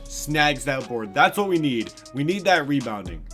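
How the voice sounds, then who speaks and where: Over faint background music, a young gaming YouTuber calls the action in a basketball video game with excited play-by-play. His mid-range voice moves at normal speed as he hypes big plays, sometimes yelling and swearing casually.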